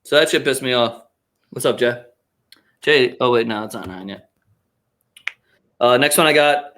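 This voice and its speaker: A man's voice: mid-range voice, normal speed, fairly bright tone. A man hosting a casual sports podcast, ranting with heavy swearing and sarcasm. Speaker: podcast host.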